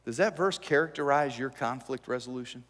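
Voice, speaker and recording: A man preaching a sermon as pastor, animated and acting out the dialogue he quotes. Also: mid-range voice, brisk. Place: church sanctuary. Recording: long reverb from a church hall.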